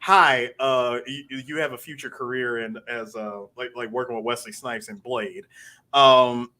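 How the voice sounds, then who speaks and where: A man co-hosting a podcast film discussion, telling scenes with loud acted-out quotes and lots of restarts to keep the floor. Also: medium pitch, steady tone, unhurried. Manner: stammers and restarts to hold the floor. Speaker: podcast co-host.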